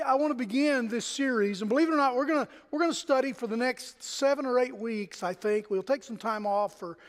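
High-voiced man preaching in an echoing hall. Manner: conversational, folksy, asks the congregation questions. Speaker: pastor. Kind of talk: sermon.

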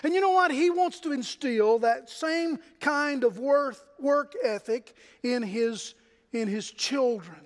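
High-voiced man preaching in an echoing hall. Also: slow. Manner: conversational, folksy, asks the congregation questions. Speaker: pastor. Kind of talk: sermon.

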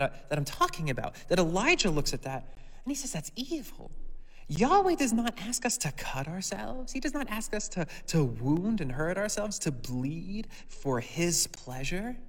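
Male preacher, sermon delivery, rhetorical questions, slightly high voice, in a big reverberant hall. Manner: reads scripture, then preaches with rhetorical questions.

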